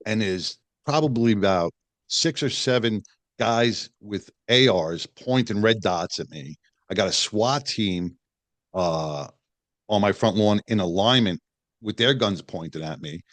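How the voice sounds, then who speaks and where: A man's voice: on the low side, animated, measured pace, fairly bright tone, no echo. A middle-aged man, a podcast guest and retired police detective, telling a story bluntly and profanely, with many restarts and acted-out quotes. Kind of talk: candid storytelling in a podcast interview.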